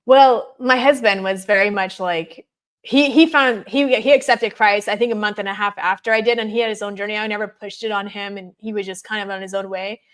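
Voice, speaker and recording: A woman in her thirties, a podcast guest, telling her story in an animated way and acting out her children's words. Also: mid-range voice, a little fast. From United States. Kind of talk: personal testimony in a podcast interview.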